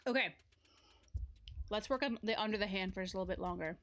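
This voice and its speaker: Faint music plays behind this fast, slightly bright, mid-range female voice. It's a young woman chatting with her viewers during a casual home live stream, using a corded mic, reading chat aloud and yelping now and then while she juggles herself into a sweat.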